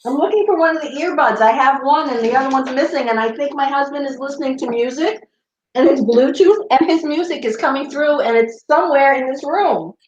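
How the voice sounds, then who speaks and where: A woman co-hosting a chatty show from home, animated and easily sidetracked. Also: high-pitched, brisk, echoey room, highs cut off, slight background noise. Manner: animated, scattered, laughing. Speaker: podcast co-host. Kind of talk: casual chat. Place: home room.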